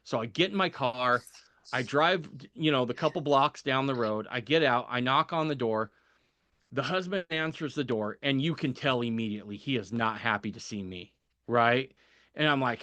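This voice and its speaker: A man on a podcast telling a personal story in a casual, animated way, acting out the voices of people he quotes. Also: mid-range voice, moderate pace, no echo.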